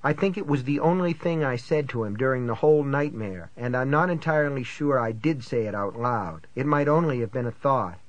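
A man narrating a first-person thriller audiobook in a tense, measured storytelling manner. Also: medium pitch, dry recording.

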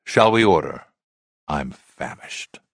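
A man reading a dry-witted, self-assured young woman in a story, teasing and unhurried. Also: extremely low pitch, lively intonation, creaky, fairly bright tone, slightly rough, dry recording, full character voice.

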